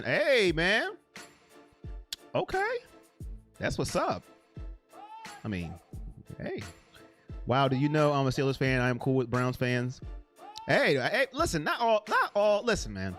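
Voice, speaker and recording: A man hosting a casual live stream chat, rambling excitably and reading viewer comments aloud. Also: fairly high pitch.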